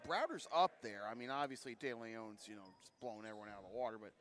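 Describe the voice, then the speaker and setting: A man giving live play-by-play commentary on a college basketball game, getting louder and more excited on big plays. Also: mid-range voice, fast.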